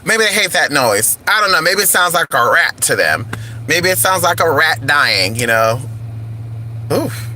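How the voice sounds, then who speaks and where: A man's voice: on the high side, very animated, unhurried, pushed and bright, a little hiss or hum, rough recording. A man vlogging in casual chat, playful and crude, calling his viewers honey and y'all.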